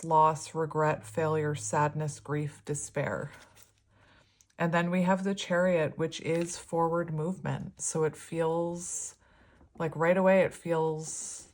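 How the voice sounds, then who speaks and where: A woman giving a casual, rambling tarot reading, her words slightly slurred. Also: low-pitched. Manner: rambling, chatty, laughs often. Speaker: tarot reader.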